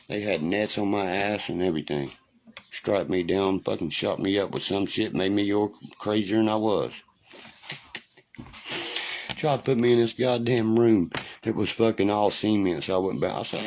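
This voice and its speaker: A man chatting on a livestream, telling profane stories loudly and answering viewers' comments. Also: sits low, normal speed, slight background noise. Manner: profane, loud storytelling, reads and answers comments. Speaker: livestream host. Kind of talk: casual livestream chat, reminiscing. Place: home livestream.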